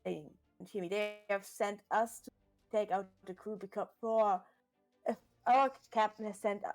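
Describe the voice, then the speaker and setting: A woman's voice: medium pitch, creaky, darkish tone. A woman playing in character at a tabletop game, talking bluntly and urgently with frequent swearing. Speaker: player.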